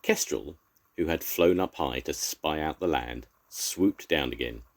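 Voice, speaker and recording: A man's voice: a bass voice, a little slow. An older man, a grandfather, expressively reading a children's story aloud.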